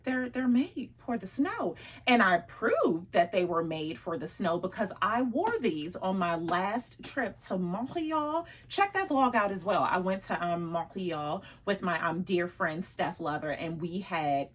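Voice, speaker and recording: Chatty woman with a husky voice. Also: lowish voice, expressive, a little slow, hardly any pauses. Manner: chatty, laughs often, teasing herself. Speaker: vlogger showing her luxury bags. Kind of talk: casual chatty vlog.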